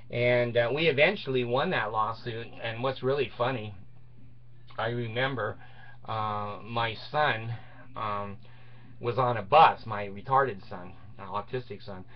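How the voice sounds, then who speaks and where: A man's voice: mid-range voice, lo-fi sound. Middle-aged man telling a crude, laughing story. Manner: laughs through his story, crude and boastful. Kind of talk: casual personal anecdote.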